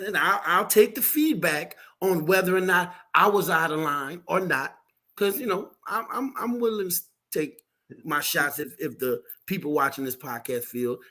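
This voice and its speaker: Animated high-voiced man telling a story. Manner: lively, acts out voices in his story. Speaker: podcast co-host.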